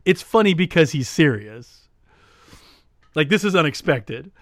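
A man co-hosting a podcast, telling a story in casual chat with many restarts, getting loud and lively as he retells it. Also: fairly high pitch, measured pace, no room sound, clean studio sound. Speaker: podcast co-host.

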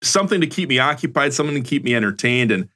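A male podcast co-host with a bright, forward voice. He tells the story in a loose, laid-back, rambling way. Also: medium pitch, expressive, racing.

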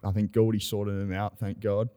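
An Australian man co-hosting a casual podcast, telling club stories with animated banter. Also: on the low side, moderate pace, clean tone, in a large hall. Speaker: podcast co-host. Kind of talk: casual chat.

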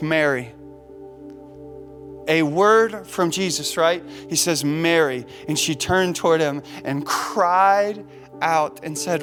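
A male pastor delivers an impassioned sermon in a high-pitched voice. He stumbles over and repeats words as he drives his points home. Faint music plays softly beneath him.

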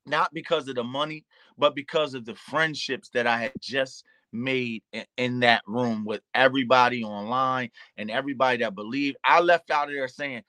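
A man's voice: medium pitch, moderate pace, bright, forceful tone, dry recording. A man telling an emotional personal story in earnest, repeating words and slipping into quoted asides. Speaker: pastor and youth nonprofit founder.

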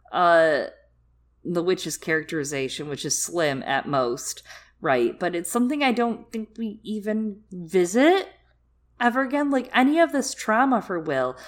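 A young woman co-hosting a podcast, chatting animatedly about a book with lots of filler words. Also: mid-range voice. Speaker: podcast co-host. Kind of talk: casual book discussion.

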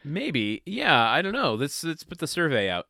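A man's voice: fairly high pitch, huge pitch swings, moderate pace, vocal fry, pushed and bright, dry recording. A man co-hosting a casual movie podcast, hesitant and dry-humored. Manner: hesitant, dry jokes, frequent laughs. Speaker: podcast co-host. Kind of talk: casual movie-review chat.

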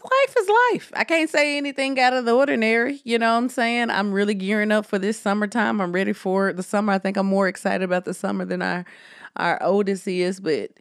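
Animated woman telling stories casually. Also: mid-range voice, brisk, no echo, studio quality. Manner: animated storyteller, addresses listeners as y'all. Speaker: podcast co-host. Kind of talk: casual chat.

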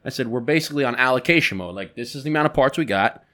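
A man's voice: medium pitch, expressive, very fast, a bit bright. A man on a podcast telling a story about work in a casual, profane way. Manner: casual and profane, with lots of fillers. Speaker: podcast co-host.

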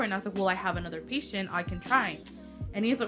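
A young woman tells stories from her job as a nursing assistant in casual chat, her voice sitting at an ordinary middle pitch. She acts out the people she quotes and swears freely. Music plays clearly behind her. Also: rapid-fire. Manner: animated storytelling, acting out quoted voices, frequent swearing.

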